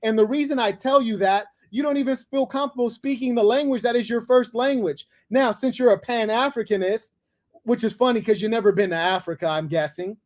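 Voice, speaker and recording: A high-voiced man runs a combative live call-in show. He lectures and mocks in a condescending tone, talking down to whoever is on the line. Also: brisk. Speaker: livestream host taking callers.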